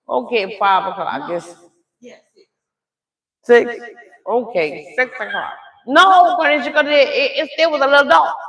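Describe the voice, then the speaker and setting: In an echoey room, a middle-aged woman with a bright, high voice hosts a casual storytime on a livestream. She tells her story dramatically, veering between loud outbursts and hushed asides, and frequently turns to viewers with "okay?"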